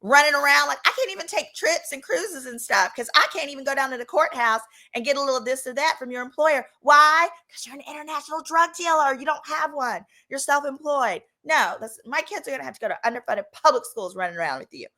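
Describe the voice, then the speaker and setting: A woman in her thirties from Texas tells a personal story as a chatty, animated monologue. Her voice is bright and sits a little high, and she slips into quick impressions of the people in the story. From Texas, United States. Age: 30s. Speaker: lawyer and channel host.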